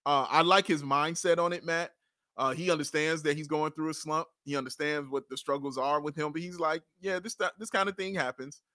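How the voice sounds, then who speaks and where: A man co-hosting a casual sports podcast, excitable, laughing often and repeating himself as he talks. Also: a little high, fairly quick, dry recording, clean studio sound. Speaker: podcast co-host.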